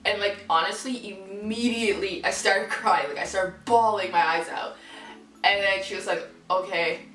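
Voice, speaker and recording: A young woman telling a personal story to camera in a candid, lively, swearing casual style. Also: mid-range voice, moderate pace. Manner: candid, lively, swears freely, acts out quoted people. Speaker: vlogger. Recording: roomy echo, voice from far off mic, faint music.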